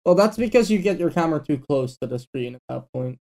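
A man hosting a casual podcast chat, rambling with lots of fillers and trailing off quietly at the ends of thoughts. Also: a little high, expressive, quick pace. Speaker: podcast host.

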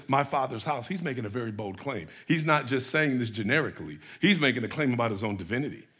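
A male pastor delivers a lively sermon, talking in a fairly high voice. He swings between loud, acted-out mini scenes and quieter, earnest points, often restarting his sentences. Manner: animated, acts out quoted voices.

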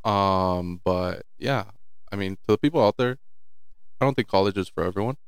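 A twenty-year-old man with a deep, smooth voice talks easily as an interview guest. He often restarts and repeats his words as he goes. The sound is close and dry. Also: moderate pace, no room sound. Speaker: business owner guest. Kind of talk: casual interview.

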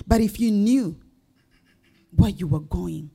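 Woman preacher, mellow tone, mid pitch, gets loud n fired up w/ questions. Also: slow, creaky, husky. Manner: preaching with rising emphatic questions. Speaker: pastor. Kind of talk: sermon.

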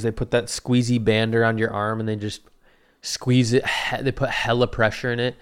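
A man's voice: mid-range voice, clean tone. A man in his twenties casually telling a rambling, profane story about his own day, with self-deprecating asides.

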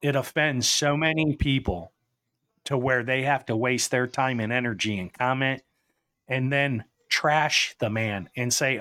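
A man's voice: medium pitch, unhurried, pushed and bright, dry recording, clean studio sound. A man hosting a podcast, rambling through stories and chuckling as he goes. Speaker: podcast host. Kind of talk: casual chat.

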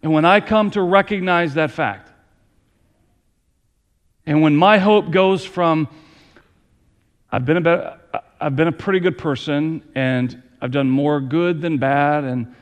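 High-voiced preaching man, slow and emphatic. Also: long reverb tail. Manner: earnest preaching with emphatic rising stresses. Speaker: pastor. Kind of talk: sermon.

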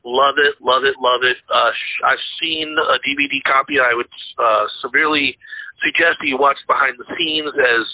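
A man's voice: medium pitch, fairly even intonation, moderate pace. A man co-hosting a casual podcast chat about movies, rambling with lots of fillers and restarts. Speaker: podcast co-host. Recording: tinny phone-like line.

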